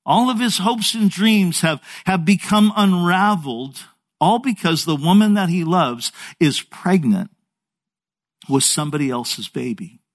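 A man preaching a sermon, telling the story in a lively way and acting out the characters' dialogue, with frequent stammered restarts. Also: high-pitched, unhurried. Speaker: pastor.

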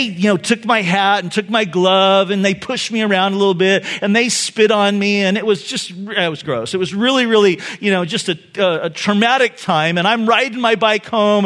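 Man, high voice, middle-aged pastor, chatty storytelling sermon. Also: a bit bright. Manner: conversational, many fillers, laughs at own stories.

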